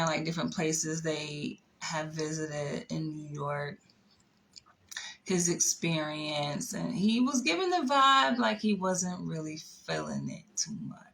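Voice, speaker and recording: A woman's voice: low-pitched, lively intonation, slow, a bit bright, poor audio. A woman casually telling a personal story, chatty, with laughs, asides and the odd whisper. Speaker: vlogger.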